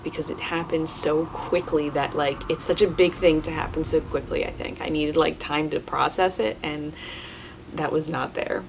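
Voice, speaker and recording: Low-voiced chatty young woman vlogger. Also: slight background noise. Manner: chatty, many fillers and restarts, candid. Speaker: vlogger answering viewer questions. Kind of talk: casual chat.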